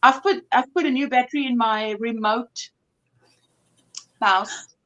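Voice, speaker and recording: A woman's voice: on the high side, unhurried, a bit bright, muffled recording. A woman from South Africa hosting a casual livestream at home, chatting and greeting viewers by name. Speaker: livestream host. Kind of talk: casual chat reading out viewer comments.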